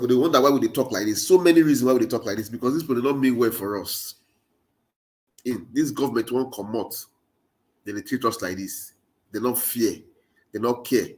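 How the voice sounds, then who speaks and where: A man's voice: medium pitch, a bit bright. A man with a Nigerian Pidgin accent giving an impassioned political monologue, urging his listeners with repeated rallying phrases. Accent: Nigerian Pidgin English. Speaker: political commentator.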